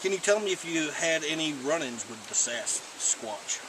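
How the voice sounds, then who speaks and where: Guy playing a deadpan tv reporter, slightly high voice, outdoor camera audio with noise behind. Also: moderate pace, close to an everyday voice. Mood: earnest. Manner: earnest, deadpan interviewer. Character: earnest male TV field reporter. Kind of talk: improvised comedy role-play. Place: outdoors in the woods.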